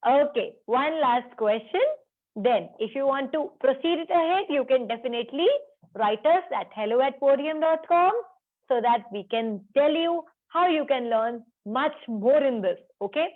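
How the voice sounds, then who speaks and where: A woman with an Indian English accent teaching children on a video call, counting out sums slowly and sing-song. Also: high voice, expressive. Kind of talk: online class for children. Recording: narrow phone-like video call audio.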